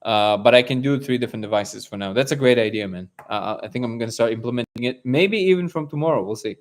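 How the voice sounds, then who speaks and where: A man's voice: medium pitch, quick pace. Rambling male livestream host. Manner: rambling storyteller, acts out dialogue. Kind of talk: casual live chat.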